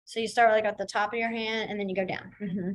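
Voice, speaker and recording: A woman's voice: mid-range voice, little pitch movement, fast talker, rough recording. A young adult woman teaching a beginner sign language class in a casual, chatty way, full of fillers and acted-out asides. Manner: chatty, filler-heavy, acts out feelings in quoted asides. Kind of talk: casual online class instruction.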